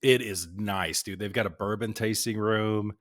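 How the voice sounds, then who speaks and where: A man's voice: fairly low pitch, steady tone, normal speed, fairly bright tone. A man co-hosting a podcast, grumbling through a travel story in casual chat. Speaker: podcast co-host.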